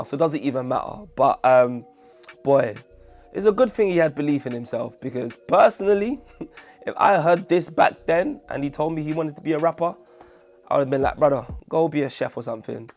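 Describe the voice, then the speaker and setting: A man hosting a casual commentary video, jokey and self-deprecating, full of chatty asides. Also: on the high side. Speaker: video essay host.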